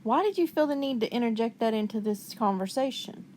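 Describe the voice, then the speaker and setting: A woman hosting a commentary video, calmly and skeptically rebutting the clips she plays. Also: on the high side, a little fast, slight background noise. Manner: calm, skeptical, wry rebuttals. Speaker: commentary channel host. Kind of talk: reaction commentary.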